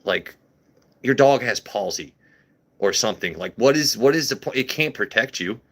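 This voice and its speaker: A man's voice: mid-range voice, lively intonation, normal speed. A young man hosting a casual whiskey livestream, joking crudely and answering his chat as he pours.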